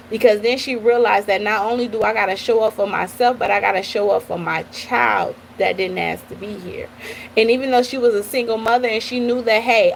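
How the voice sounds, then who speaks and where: A woman hosting a motivational live stream, telling stories in an animated way and talking straight to her listeners. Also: on the high side, creaky, a little hiss or hum, rough recording. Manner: animated, addresses listeners as y'all, repeats okay. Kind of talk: motivational storytelling talk.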